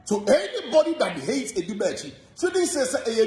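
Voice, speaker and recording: A Ghanaian man talks fast and hot in an animated, repetitive rant about gossip. His voice sits high and leaps up and down from phrase to phrase. The room gives it a clear echo. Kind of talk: heated gossip monologue.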